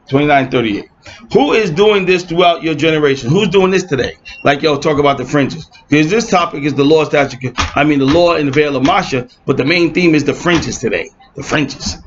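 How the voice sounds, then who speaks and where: A man's voice: fairly high pitch, fairly bright tone, slight background noise. Sarcastic man teaching scripture, lo-fi. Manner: reads verses aloud, then mocks opponents with sarcastic asides. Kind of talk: informal online Bible teaching. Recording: dull lo-fi recording.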